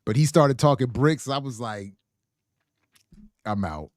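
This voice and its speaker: A man's voice: mid-range voice, normal speed, no echo, studio quality. A man co-hosting a casual podcast chat, joking and laughing as he tells stories. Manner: laughing, joking, animated storytelling. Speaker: podcast co-host.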